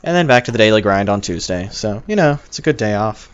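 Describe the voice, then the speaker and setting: A young man from the United States rambles casually on a game livestream, talking fast and answering his chat. His voice is on the low side, animated, clear and resonant, though the stream audio is dull and lo-fi with faint noise.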